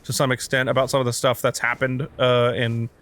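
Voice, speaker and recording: A man's voice: mid-range voice, level tone, brisk, a bit bright. A tired man casually commenting on a game, swearing, joking and rambling in asides. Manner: profane, jokey, rambling asides. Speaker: gaming channel host. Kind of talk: casual let's play commentary.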